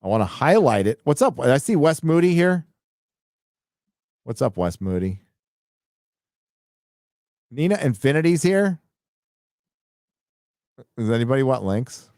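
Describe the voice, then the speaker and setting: A middle-aged man hosting a casual late-night livestream, rambling, swearing and excitedly reading viewer donations aloud. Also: mid-range voice, measured pace, long pauses, no echo, clean studio sound. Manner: rambling, profane, excitable, reads donor messages aloud. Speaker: livestream host reading super chats.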